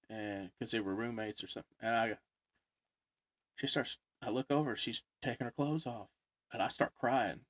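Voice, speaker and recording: A man's voice: on the low side, fairly even intonation, normal speed, fairly bright tone, no echo, studio quality. A man telling a story in casual chat, rambling with many fillers and laughing as he talks. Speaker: podcast guest storyteller.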